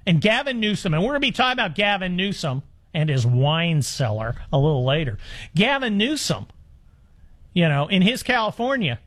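A man's voice: high voice, lively intonation, normal speed, a bit bright. A man in his fifties hosting a call-in talk radio show, ranting in an exasperated way with stammered restarts. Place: studio in the Los Angeles area.

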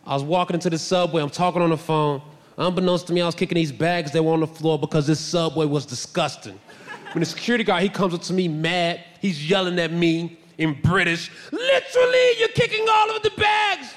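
A male stand-up comedian telling a story in an animated way, often breaking into shouted bits. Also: fairly high pitch, brisk, in a large hall.

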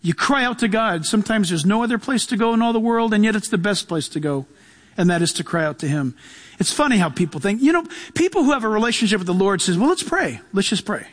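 High-voiced, animated male pastor preaching. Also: fast talker, in a large hall. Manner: animated preaching with acted-out voices and sudden drops to a hush. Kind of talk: sermon.

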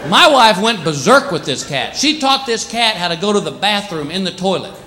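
A man doing a stand-up comedy routine in front of a live audience, animated, jumping into silly voices. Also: moderate pace. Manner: animated, jumps into silly high voices for pets. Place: comedy stage before a laughing audience. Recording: live club with loud crowd laughter and noise.

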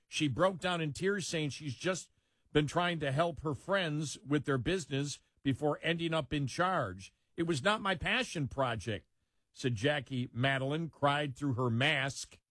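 A man's voice: a little high, fairly bright tone, no echo, clean studio sound. A man co-hosting a talk show, reading a news story aloud with quoted passages and laughing asides. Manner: reads with frequent laughter and asides.

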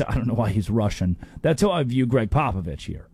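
Male sports talk host, mid-pitched, animated and opinionated, stumbles into restarts. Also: husky, no room sound. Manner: animated, opinionated, with quick restarts and playful impressions.

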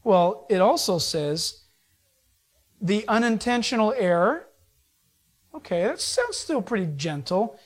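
Man, pastor, sermon, animated preaching, rises with emphasis, trails off low. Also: slow, long pauses. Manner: animated preaching, pitch swings up and down.

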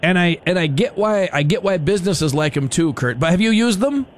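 A man's voice: high-pitched, animated, fairly quick, a little hiss or hum. A man hosting a radio talk show, chatting in a rambling, opinionated way full of fillers and restarts.

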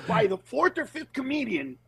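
A man, a comedian, talking casually in a conversational storytelling way, lively and quick to slip into impressions of other people, then earnest and steady on serious points. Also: very high-pitched, creaky, husky, no echo, poor audio. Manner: animated, jumps into acted voices of others. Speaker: comedian guest on a talk show.

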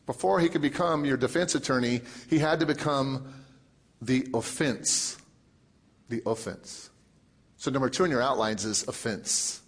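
Emphatic preaching man, higher-pitched. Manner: emphatic preaching with repetition and big swings in volume. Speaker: pastor. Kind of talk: sermon.

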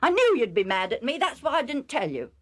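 A woman's voice: sits high, big pitch swings, a little fast, voice pushed up. A woman reading a story aloud voices a headstrong young man who speaks eagerly and defensively, stammering at times.

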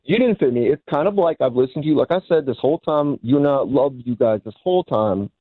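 A man calling in to a radio show, calmly questioning the host in casual speech filled with "like". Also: medium pitch, fast, dry recording. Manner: calm, questioning, casual with many likes. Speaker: caller. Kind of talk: phone-in call to a radio show. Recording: dry tinny phone line.

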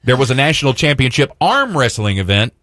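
Male radio co-host, wry and folksy, lively pitch, dry studio mic. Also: a little fast, no echo. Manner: folksy storyteller with a wry joking tone. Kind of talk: casual morning radio banter.

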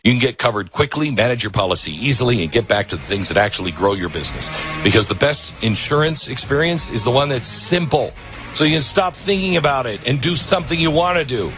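Over background music, a man talks fast and animatedly as he hosts a talk show. In his opinionated monologue he rants with sarcasm, jumps high into mock voices to ridicule opponents, then moves on to a host-read ad.

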